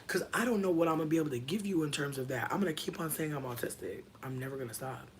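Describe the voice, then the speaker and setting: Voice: medium pitch, very fast, background noise. A young adult content creator chatting loosely on a livestream, telling a rambling, profane story full of fillers and stopping to answer viewer comments. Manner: animated, jumps between story and viewer comments. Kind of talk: casual livestream chat.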